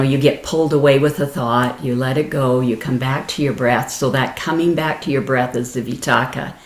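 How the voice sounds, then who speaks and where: A woman meditation teacher giving a gentle, explanatory dharma talk, laughing easily and restarting her phrases. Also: rumbling low. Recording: roomy echo.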